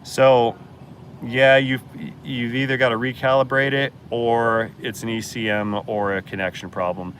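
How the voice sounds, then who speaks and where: A man's voice: medium pitch, little pitch movement, measured pace, a bit bright, a little hiss or hum. A man hosting a casual live-stream Q&A as a mechanic, blunt and joking as he answers chat.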